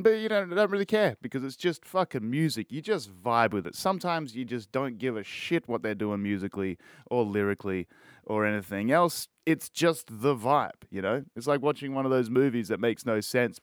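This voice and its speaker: A man's voice: medium pitch, clean tone, dry recording, studio quality. A young Australian man hosting a podcast, rambling casually about music and swearing often. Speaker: podcast host. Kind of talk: casual music-review chat.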